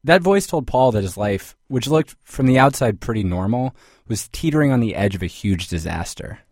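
A man narrating a scripted radio story with a wry, crisp delivery. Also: medium pitch, lively intonation, normal speed, a little mellow, no echo, clean studio sound. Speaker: podcast host reporter.

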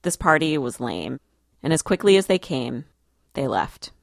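Low, gravelly woman reporter narrating. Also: big pitch swings, no room sound, studio quality. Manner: measured, storytelling delivery. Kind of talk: scripted radio narration.

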